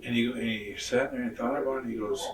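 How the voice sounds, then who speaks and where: A man's voice: medium pitch, fairly even intonation, fast talker, far from the mic. A man being interviewed, telling a long story casually and acting out both sides of the conversations. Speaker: interview guest.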